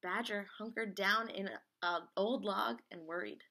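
A woman reads a picture book aloud, lively and expressive. Her voice is bright and crisp, and her sound effects come out sing-song. Her pitch sits in the middle. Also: measured pace, hardly any pauses. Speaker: reader.

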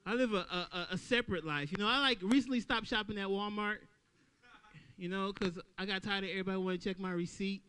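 A man doing a stand-up comedy set at an open mic, talking loudly and playing out little voices for the crowd. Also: high voice, fast, clean tone. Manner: loud, animated crowd work with acted-out voices.

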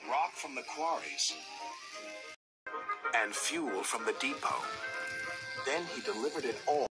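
A man narrating a children's storybook in an expressive way, doing voices for many figures. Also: mid-range voice, slow pace, over loud music, low-quality recording.

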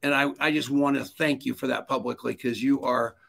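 Gravelly effusive male radio co-host. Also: mid-range voice, steady tone, brisk, fairly bright tone. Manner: effusive, praising. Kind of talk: enthusiastic show introduction.

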